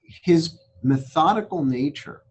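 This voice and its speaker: A man hosting a casual chat, reflective and calm, often affirming his guest. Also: fairly high pitch, slow pace, a little hiss or hum. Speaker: host.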